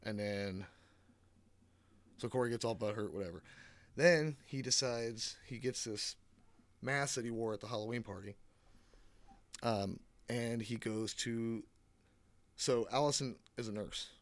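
A man's voice: medium pitch, measured pace, pauses often, no echo. A man giving a casual, rambling movie recap, swearing often, sarcastic and full of fillers, on a close mic. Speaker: movie reviewer.

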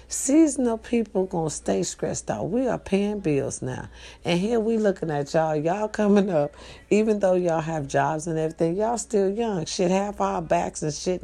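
Woman, gravelly, dark-toned, blunt profane vlogger. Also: mid-range voice. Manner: profane, blunt, animated preaching. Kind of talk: casual advice rant to viewers.

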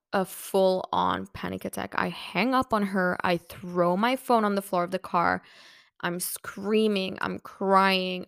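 A young woman recounts a painful personal story on her podcast. Her voice is medium in pitch with a gravelly, fry-heavy edge. It is recorded dry and close, with no room around it. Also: no echo. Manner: emotional, many "like" fillers. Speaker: podcast host.

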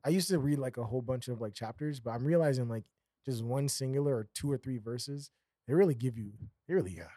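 A podcast co-host with a medium-pitched, warm voice talks quickly in casual chat, rambling with fillers and laughing often. The recording is studio quality with no room sound.

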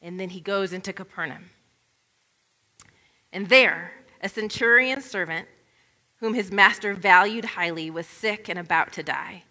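A woman pastor preaches in a relaxed, conversational way, tossing in informal asides as she explains scripture. Her voice is bright and forward, and it carries a long reverb from a large church hall. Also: medium pitch, unhurried, long pauses. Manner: chatty, informal asides with "like" and "you know". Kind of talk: conversational sermon.

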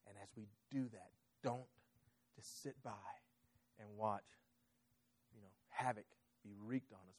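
A man preaching a sermon, telling a personal story in an animated, conversational way. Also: lowish voice, unhurried, pauses often. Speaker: pastor.

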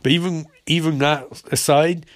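A man's voice: a little high, fairly even intonation, moderate pace, no room sound, lightly acted. A man casually voicing an awkward, rambling young tech whiz in a TV recap. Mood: sheepish.

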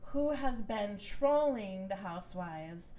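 A woman co-hosting a podcast, casually recapping a reality show and telling the story with lively, acted-out quotes. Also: mid-range voice, takes it slowly, a little hiss or hum, low-quality recording. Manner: animated storytelling, acts out quotes in raised voices. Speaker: podcast co-host.

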